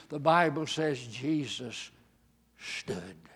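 Male preacher, sermon delivery, high bright voice, slow and deliberate, big dynamic swings. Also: expressive. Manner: dramatic swings from hushed to shouting.

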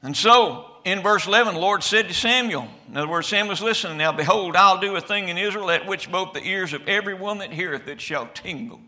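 A man preaches from the pulpit of a church, his voice high and piercingly bright. He builds to shouted peaks, then drops almost to a murmur to drive a point home. The delivery is fervent and rhythmic. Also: brisk, few pauses. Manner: preaching with sudden shouted climaxes and quiet drops. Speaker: pastor. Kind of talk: fiery sermon. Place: church sanctuary.

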